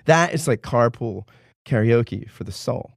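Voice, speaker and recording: A man's voice: medium pitch, unhurried, vocal fry, no echo, studio quality. A man talking animatedly in a casual roundtable chat, often restarting his sentences. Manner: animated, restless with many restarts.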